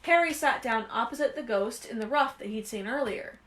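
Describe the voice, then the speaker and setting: A woman reading a children's fantasy novel aloud with expressive, lively storytelling. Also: on the high side, moderate pace. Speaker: reader.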